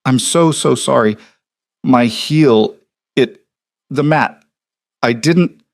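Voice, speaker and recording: A man's voice: medium pitch, takes it slowly, vocal fry, no echo, studio quality, pitched above the performer's own voice. A man voicing a frightened young waitress who stammers through her apologies. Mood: flustered.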